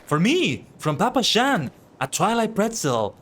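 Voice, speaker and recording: A man's voice: high-pitched, very animated, a little slow, a bit bright, a little hiss or hum, pitched above the performer's own voice, heavily acted. A man putting on a chirpy hungry soldier. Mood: eager. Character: cheerful hungry male sentry soldier.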